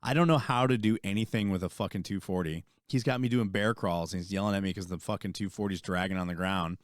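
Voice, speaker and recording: A young man, an army veteran and podcast co-host, telling a rambling, profane story in casual chat and getting animated as he retells it. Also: deep voice, fast talker, no room sound, clean studio sound.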